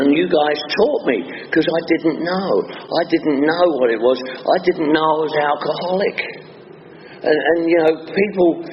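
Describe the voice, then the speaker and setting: Man, London accent, wisecracking recovery speaker, long hall echo, faint hiss. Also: on the high side. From northwest London, England. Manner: wisecracking storyteller, chatty with many asides. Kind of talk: humorous recovery talk. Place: meeting hall before an audience. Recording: dull reverberant hall recording with faint hiss.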